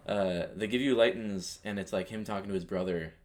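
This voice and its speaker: A man co-hosting a casual podcast chat, playful and quick to laugh. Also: on the low side, a little mellow. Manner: laughs often, rambling and playful. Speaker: podcast co-host.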